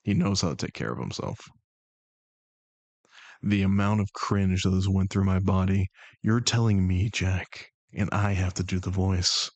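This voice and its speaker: Gravelly, slow-talking male streamer. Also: low-pitched, a little mellow, dry recording. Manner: joking, sarcastic banter with chat. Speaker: streamer and game master. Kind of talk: casual stream chat.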